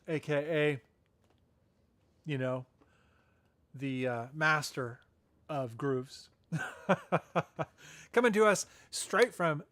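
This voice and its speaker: A man's voice: on the high side, extremely slow, long pauses, fairly bright tone, dry recording. A man hosting a casual live podcast, chatting loosely with lots of fillers and self-corrections. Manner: laughs at his own asides. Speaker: podcast host.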